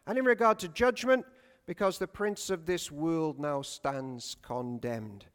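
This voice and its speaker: A man preaching a sermon, lively and humorous, often putting questions to his congregation. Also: very high-pitched, clean tone, long reverb tail. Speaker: pastor. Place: church.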